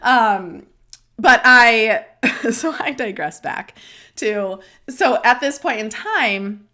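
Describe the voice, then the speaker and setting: A woman's voice: on the high side, animated, extremely slow, sharp tone. A young adult woman hosting a podcast, talking openly and emotionally in a chatty way with many fillers, close to the mic. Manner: emotional, tearful, speaks openly. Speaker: podcast host. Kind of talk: candid personal podcast monologue.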